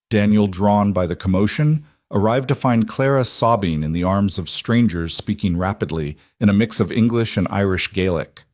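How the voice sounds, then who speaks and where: Low-voiced male storyteller, dry sound. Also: no echo. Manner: calm, measured storytelling. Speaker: narrator. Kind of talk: scripted narration.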